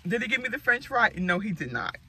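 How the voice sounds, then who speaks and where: A woman's voice: a little high, sing-song, fairly quick, background noise. A woman in her forties vlogging in a casual, rambling way and laughing often. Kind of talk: casual chat.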